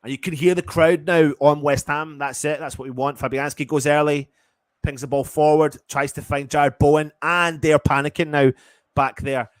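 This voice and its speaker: A man giving partisan live football commentary as a fan, swearing and swinging from low muttering to loud shouts. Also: steady tone, moderate pace, dry recording.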